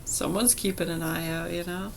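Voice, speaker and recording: A woman's voice: on the low side, moderate pace, vocal fry, slight background noise. Chatty woman telling a story. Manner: chatty, laughing, animated retelling. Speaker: vlogger. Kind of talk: casual storytelling.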